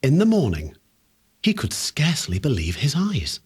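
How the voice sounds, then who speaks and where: A man reading a fairy tale aloud for children in an expressive storytelling manner. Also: mid-range voice, moderate pace, breathy edge.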